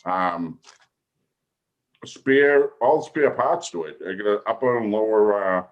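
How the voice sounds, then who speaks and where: A man's voice: lowish voice, measured pace, dull audio. A man chatting casually with friends about drones, joking and teasing. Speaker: panelist. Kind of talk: casual group chat.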